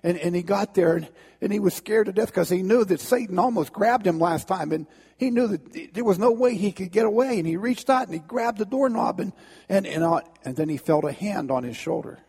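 A man telling a dramatic story as a sermon, halting and restarting as he builds tension. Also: high-pitched, animated, a little mellow, breathy edge, in a large hall.

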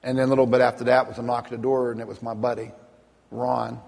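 A man's voice: medium pitch, flat delivery, fast talker, creaky, a little mellow, long reverb tail. A middle-aged man giving an earnest, plainspoken personal testimony, sometimes repeating words when moved. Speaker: speaker telling a personal testimony.

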